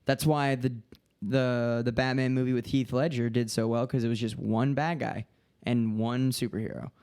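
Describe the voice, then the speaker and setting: A man co-hosting a podcast in casual chat, quick to jump into bits. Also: medium pitch, steady tone, a little mellow, clean tone. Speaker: podcast co-host.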